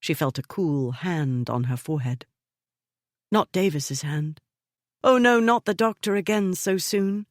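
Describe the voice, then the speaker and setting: A woman narrating a historical romance audiobook in a measured, even storytelling manner. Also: fairly low pitch, no room sound, clean studio sound. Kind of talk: scripted narration of a romance novel.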